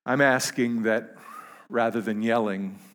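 A man preaching a sermon to his congregation, halting and repeating words, rising to emphatic peaks. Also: mid-range voice, fairly even intonation, a bit bright, big-room sound. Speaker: pastor.

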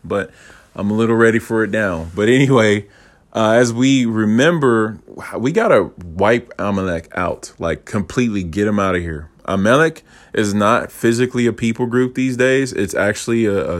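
A man giving a casual, enthusiastic Torah teaching, rambling with playful asides and restarts. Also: low-pitched.

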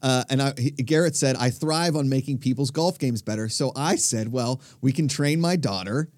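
Male co-host, joking banter, mid pitch, dry close mic. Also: moderate pace, darkish tone, no room sound. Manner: jokey, breaks into sung and mock voices. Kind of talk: casual banter.

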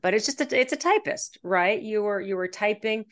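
A middle-aged woman from Pennsylvania hosting a casual faith-based interview, chatty and energetic, laughing often. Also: mid-range voice, moderate pace. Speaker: podcast host.

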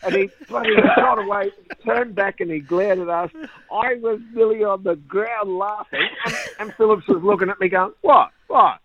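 An older Australian man, a former cricketer, telling lively anecdotes and laughing at his own stories. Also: high voice, normal speed. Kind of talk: anecdotal storytelling. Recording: tinny phone-like line, dry.

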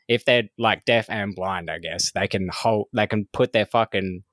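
A man's voice: lowish voice, moderate pace, fairly bright tone, no echo. Laid-back young Australian man, dry sound. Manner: laid-back, swears casually, laughs often. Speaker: podcast guest. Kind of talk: casual chat.

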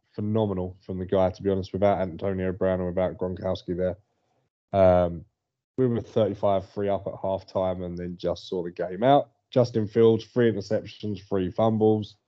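A man co-hosting a casual sports podcast, telling stories in a chatty way and laughing often. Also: sits low. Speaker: podcast co-host. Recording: dull lo-fi audio.

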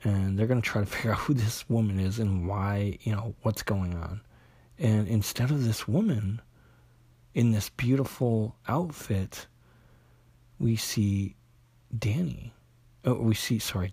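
Man, husky voice, casual comic recap, halting with fillers, dry close sound. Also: lowish voice, darkish tone, dry recording. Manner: halting, lots of fillers and restarts. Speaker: comic book reviewer.

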